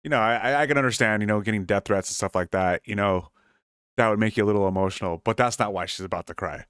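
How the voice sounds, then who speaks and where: A man's voice: lowish voice, fast talker, fairly bright tone, clear, resonant tone, dry recording, studio quality. A man co-hosting a political commentary show, sarcastic and mocking in his remarks.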